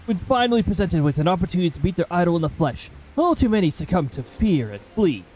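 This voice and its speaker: A man voicing a vain, theatrical gentleman inspector in a put-on posh accent, speaking in a pompous, flowery way. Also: sits high, sing-song, fast talker, rough recording. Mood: self-important. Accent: put-on posh British-style.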